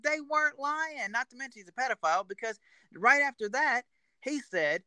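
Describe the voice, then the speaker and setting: A man's voice: extremely high pitch, lively intonation, normal speed, pushed and bright, clean tone, dry recording. A man co-hosting a podcast, making his points in emphatic, insistent casual chat. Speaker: podcast co-host.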